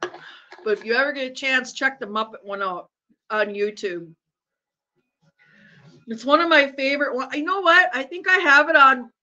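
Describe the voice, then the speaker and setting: A woman hosting a live stream chats casually over a game, rambling, laughing often, and swearing without holding back. Her high voice is bright and forceful at a normal speed, broken by frequent pauses, in dull lo-fi audio.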